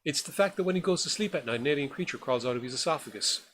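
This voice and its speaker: A man's voice: on the high side, animated, very fast, a bit bright, a little hiss or hum. A man co-hosting a horror film podcast, reviewing a new film in casual, enthusiastic, rambling chat. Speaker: podcast co-host.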